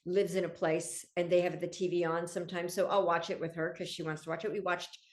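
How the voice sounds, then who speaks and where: Enthusiastic woman, lowish voice. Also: level tone, a little fast. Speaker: podcast guest, coach. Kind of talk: casual interview chat.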